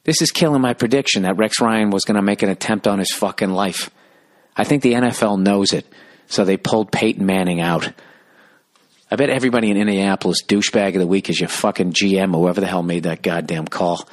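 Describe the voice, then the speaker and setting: A man in his forties hosting a podcast, telling a profane comic story fast and acting out both sides. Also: low-pitched, no echo, studio quality. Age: 40s. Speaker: podcast host.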